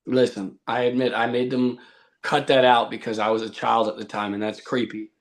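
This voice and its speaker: A man's voice: mid-range voice, level tone, moderate pace. A man on a live stream, telling boastful tall tales with a straight face. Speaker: stream co-host. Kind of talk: joking live-stream banter.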